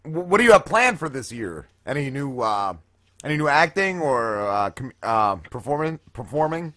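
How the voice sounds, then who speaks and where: Lively bright-voiced male host. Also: mid-range voice, normal speed. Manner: short questions with false starts. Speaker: show host. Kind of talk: casual interview chat.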